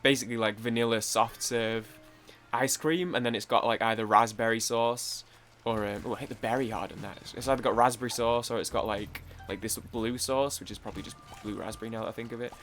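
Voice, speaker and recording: A man's voice: medium pitch, steady tone, brisk, fairly bright tone, soft background music. A young British man rambling chattily through casual let's-play commentary, full of fillers and swearing. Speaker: gaming YouTuber.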